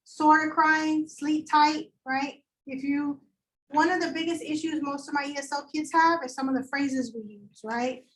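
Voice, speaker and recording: A woman teaching a high school English lecture, chatty and animated, acting out quoted voices as she explains. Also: a little slow, low-quality recording. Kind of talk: classroom lecture.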